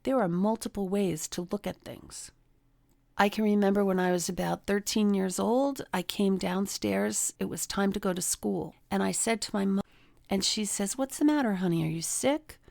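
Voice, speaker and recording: A middle-aged woman hosts a self-help talk on relationships, with a gravelly, creaky edge to her voice. She teaches through personal anecdotes and acts out the people she quotes. The sound is dry and close, with no room echo. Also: mid-range voice, fairly even intonation, moderate pace, a little mellow. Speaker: relationship coach, podcast host.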